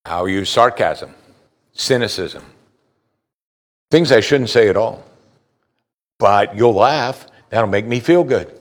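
Delivering a sermon, a middle-aged pastor reads scripture aloud and asks the congregation pointed questions between remarks. His voice is fairly low and animated, slow, with frequent pauses.

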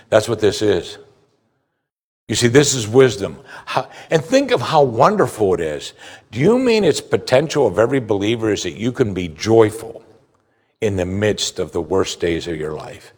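A man preaching a sermon as pastor, animated, acting out the voices he quotes. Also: lowish voice. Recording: hall reverb.

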